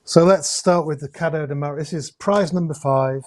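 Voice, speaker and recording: A man hosting a casual live-stream raffle draw from indoors, talking in a chatty, halting way with many hesitations and jokey asides. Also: on the high side, a little mellow. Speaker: host drawing raffle prizes. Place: indoors at home with a camera crew.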